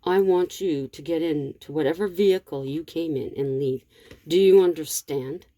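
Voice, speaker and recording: A woman storyteller voicing a stern, protective middle-aged father with a firm, commanding delivery. Her voice is low and mellow, and the recording is dry. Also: normal speed, lightly acted.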